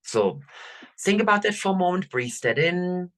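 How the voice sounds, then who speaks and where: An older woman coach, leading listeners through affirmations in a slow, soothing, drawn-out way. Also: on the low side, big pitch swings. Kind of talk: guided affirmation talk.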